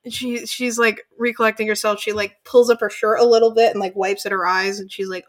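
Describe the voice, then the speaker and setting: A woman running a tabletop game as game master, narrating casually in a halting way with frequent swearing. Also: mid-range voice, flat delivery.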